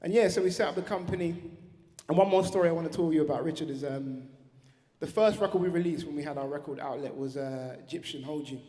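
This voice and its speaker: A man's voice: fairly high pitch, fast, warm tone. A man giving a heartfelt, slangy tribute speech on stage at an awards ceremony. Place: large awards venue hall. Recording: reverberant hall.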